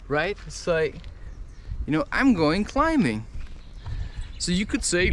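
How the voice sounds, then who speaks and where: A man's voice: high voice, big pitch swings, a little slow, a little hiss or hum. A man rambling through a spiritual monologue outdoors, laughing at his own points and acting out quoted voices. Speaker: spiritual talker. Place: outdoors, walking or climbing.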